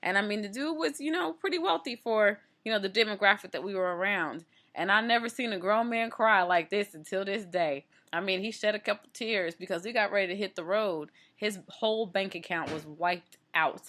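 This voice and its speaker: A woman hosting a casual talk show, animated and affirming, telling stories and reading out listener questions. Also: medium pitch, brisk, hardly any pauses. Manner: animated, laughs at her own stories, affirming. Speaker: host. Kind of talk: casual chat.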